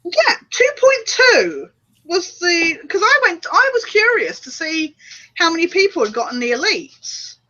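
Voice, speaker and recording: A woman hosting a casual chat, animated and giggly. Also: very high voice, measured pace. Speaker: host. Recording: dull lo-fi audio.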